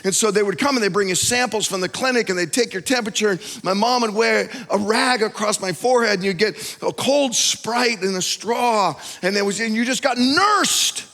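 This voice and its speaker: Animated man preaching in a reverberant hall. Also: high-pitched, normal speed, hardly any pauses. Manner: animated storytelling, acts out quoted voices. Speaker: pastor. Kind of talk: sermon with personal stories. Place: church auditorium.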